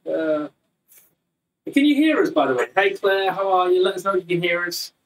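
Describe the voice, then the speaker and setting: A man's voice: high voice, big pitch swings, normal speed. A man teaching an online Muay Thai class from his living room, chatty and jokey, rambling between instructions. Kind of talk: casual live online class chat. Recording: distant, slightly roomy sound.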